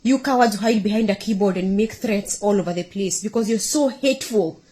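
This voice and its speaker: A woman's voice: medium pitch, a little fast, mellow, slightly rough. A woman delivering an impassioned, accusatory political rant to camera as an online creator. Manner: fiery, accusatory, with rising emphatic outbursts. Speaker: content creator.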